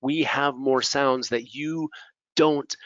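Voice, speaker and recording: This is an American man giving a pronunciation lesson. He repeats words over and over to make each sound clear. His voice sits in the middle range and comes through a dry, slightly muffled recording. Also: medium pitch, steady tone, slow, a bit bright, dry recording. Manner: switches between English and Spanish, repeats words to drill sounds. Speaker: English teacher.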